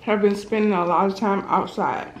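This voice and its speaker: A woman's voice: mid-range voice, normal speed. A woman chats easily to her viewers between bites, her voice sitting mid-range and now and then muffled by a full mouth. The room is echoey, with a faint hum of background noise. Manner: talks with mouth full, relaxed and chatty. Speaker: mukbang vlogger. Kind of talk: casual chat while eating.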